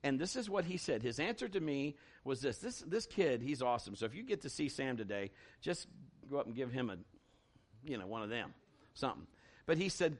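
A middle-aged man preaching a sermon as a pastor, telling a folksy story in an animated way with lots of restarts and acted-out quotes. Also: medium pitch, brisk.

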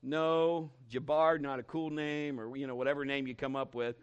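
A man's voice: mid-range voice, fairly even intonation, moderate pace, clear, resonant tone, lo-fi sound. A man preaching a sermon in a folksy, conversational way, acting out little stories and quoting scripture with emphasis. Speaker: pastor.

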